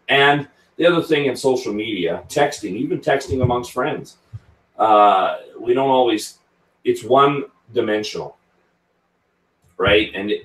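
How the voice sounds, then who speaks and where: A man's voice: lowish voice, recorded from a distance. A man hosting a casual live chat about whisky, reading out viewer comments as he goes. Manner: chatty, reads out viewer comments. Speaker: whisky channel host. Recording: roomy sound, set back from the mic.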